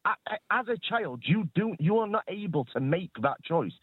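Lively argumentative male caller on a phone line. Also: high voice, normal speed, breathy edge, no echo. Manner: argumentative, stammering restarts.

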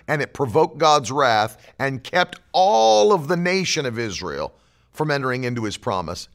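A man's voice: medium pitch, gravelly, fairly bright tone. A man preaching a sermon as pastor, emphatic and driving his points home with repeated declarations.

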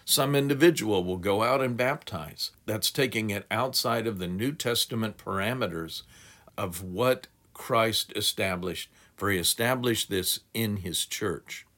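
A man's voice: on the low side, a little slow, fairly bright tone. A man giving a methodical teaching sermon, working through numbered points and reading scripture aloud. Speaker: Bible teacher.

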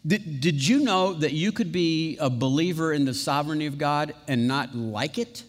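Male pastor, sermon, slightly higher voice, rhetorical questions, emphatic peaks and hushed lows, long hall echo. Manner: dynamic preaching, swinging from emphatic peaks to hushed, slow passages; conversational asides with rhetorical questions. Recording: long reverb of a large hall.

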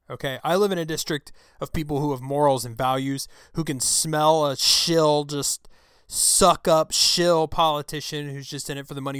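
A man hosting his own talk show, delivering an angry, profane political rant into a close microphone, with shouted outbursts. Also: fairly high pitch, smooth, no echo. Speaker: show host. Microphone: close studio mic.

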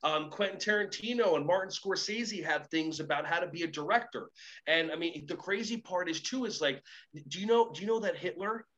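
A man speaking as a motivational coach, telling lively stories and acting out both sides of the conversations in them. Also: on the high side, a little fast, muffled recording. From Israel. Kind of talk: animated storytelling talk.

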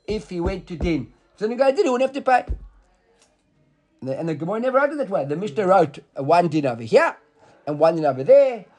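A man leads a Talmud study session with a slightly higher voice. He explains each step with animation, slipping into the rabbis' lines as he reads them, and checks in with a student as he goes. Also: quick pace. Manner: lively explaining, acts out the rabbis' words, quizzes a student. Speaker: Talmud teacher. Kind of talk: explaining a text in a study class.

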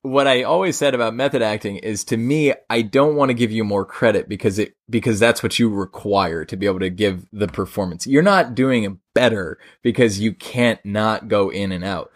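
A man's voice: lowish voice, normal speed, few pauses. A man co-hosting a podcast, joking and arguing playfully in casual chat. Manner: jokey, laughs often, argues playfully. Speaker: podcast co-host.

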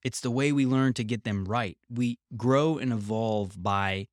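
A man's voice: medium pitch, measured pace, dry recording. Earnest man reading and explaining, dry sound. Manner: earnest, explanatory, restates key points. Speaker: podcast host. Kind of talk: reading a book aloud with commentary.

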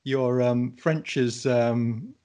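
Slow, thoughtful man explaining. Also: medium pitch, steady tone, mellow. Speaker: guest, English teacher. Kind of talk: casual conversational podcast.

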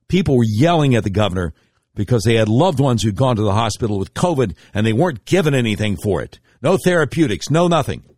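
A man's voice: big pitch swings, quick pace, no echo, studio quality. Emphatic, indignant male radio talk host. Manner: emphatic, indignant storytelling with sharp pitch swings. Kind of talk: political commentary monologue.

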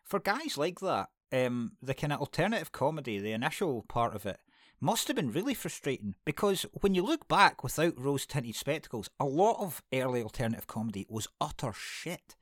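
A man's voice: medium pitch, big pitch swings, fairly quick, fairly bright tone, no room sound, clean studio sound. A man chatting casually, blunt and opinionated. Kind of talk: casual podcast chat.

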